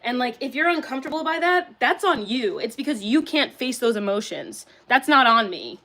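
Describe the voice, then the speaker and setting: Candid young woman streamer, fairly high voice. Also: lively intonation, moderate pace, pushed and bright. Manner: candid, swearing, laughs often. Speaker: livestreamer reading chat. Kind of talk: casual livestream chat.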